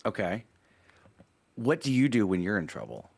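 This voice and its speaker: A man hosting a podcast, telling stories in a rambling, animated way with many restarts. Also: fairly low pitch, moderate pace, creaky, slightly rough, no echo. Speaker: podcast host. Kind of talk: casual podcast chat.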